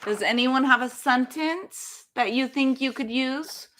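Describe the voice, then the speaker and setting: A woman teaching English in a live online lesson, explaining phrasal verbs slowly and carefully and encouraging her students. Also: high voice, a bit bright, slight background noise.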